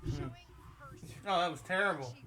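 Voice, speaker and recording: A man's voice: a little high, lively intonation, moderate pace, a crowd in the background. A man in a casual chat over a wrestling video, throwing in short wisecracks.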